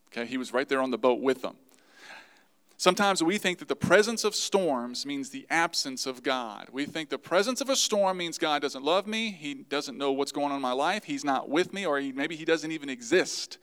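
A man preaching a sermon to his congregation, lively and acting out the voices he quotes. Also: medium pitch. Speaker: pastor.

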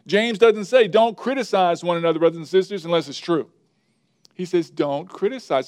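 A male pastor preaches in a somewhat high, slightly mellow voice, recorded close and dry with no echo. He speaks emphatically, repeating key words and counting off his points one at a time.

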